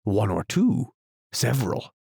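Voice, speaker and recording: In this audiobook character voice, a man plays a solemn, confused knight always pondering odd inventions, heavily acted with big pitch swings. His grave, thoughtful delivery is low, gravelly and dark, taken at a measured pace and recorded close and dry with no room sound.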